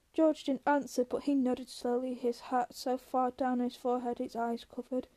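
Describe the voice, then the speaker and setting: High, mellow woman reading a novel aloud. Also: normal speed, few pauses. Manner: steady, with slips and self-corrections. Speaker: audiobook reader.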